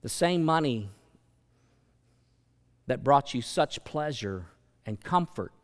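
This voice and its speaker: A man preaching a sermon as pastor, building to loud emphatic peaks and acting out quoted voices. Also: mid-range voice, expressive, slow pace. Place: large church sanctuary. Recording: long church hall reverb.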